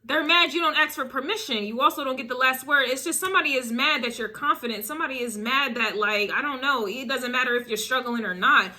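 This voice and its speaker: A woman's voice: sits high, quick pace, hardly any pauses, pushed and bright. A woman doing a casual spiritual reading to camera, emphatic and driving her points with repeated phrases. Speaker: tarot reader.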